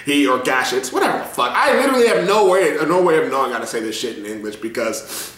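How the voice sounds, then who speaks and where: A man giving a casual reaction review, excitable and profane, laughing often as he talks. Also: mid-range voice, fast talker, roomy sound. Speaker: show reviewer.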